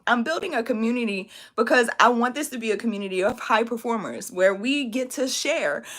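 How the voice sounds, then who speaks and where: A woman business coach talks on a live stream, emotional and close to tears. Her voice sits a little high and sounds bright. She is emphatic and encouraging, and keeps asking "okay?" and "right?". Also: lively intonation, brisk. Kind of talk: live-stream motivational talk.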